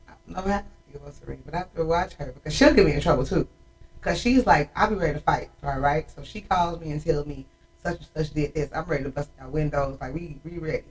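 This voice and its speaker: A woman in her forties hosting a casual chat, telling animated, emotional stories about her family. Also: low-pitched, distant mic, rough recording. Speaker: host.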